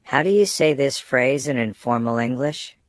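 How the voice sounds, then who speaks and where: A man's voice: mid-range voice, lively intonation, moderate pace, no echo. Man reading student phrases, dry and close. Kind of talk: scripted phrase reading for learners.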